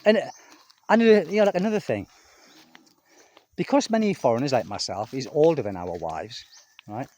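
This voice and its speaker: Middle-aged expat man, chatty monologue outdoors, very lively pitch. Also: normal speed, long pauses. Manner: chatty, rambling, addresses viewers as people. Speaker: expat vlogger. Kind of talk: casual talk to camera. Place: outdoors in a home garden.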